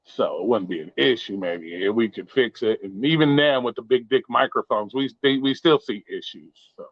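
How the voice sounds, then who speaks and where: A man's voice: mid-range voice, normal speed, no room sound. A man hosting a casual livestream from his bedroom, talking in a loose, rambling, profane way. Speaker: live stream host. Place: home bedroom. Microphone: modest home mic. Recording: dull lo-fi home stream audio.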